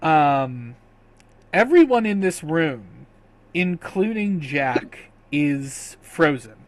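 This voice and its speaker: A man narrating as game master in a tabletop game, measured and sometimes hesitant. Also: fairly high pitch, sing-song. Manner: slow, measured narration with fillers.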